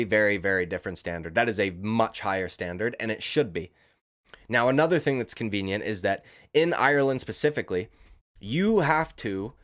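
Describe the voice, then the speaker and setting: A man giving casual, profane, rambling commentary as a YouTube commentator, talking emphatically. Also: lowish voice.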